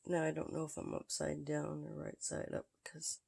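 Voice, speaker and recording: A husky, fry-edged voice speaks haltingly into a handheld phone at home, in a casual self-made vlog. The delivery drifts and often sinks to a near whisper. The pitch barely moves. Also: completely flat delivery, a little mellow. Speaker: vlogger.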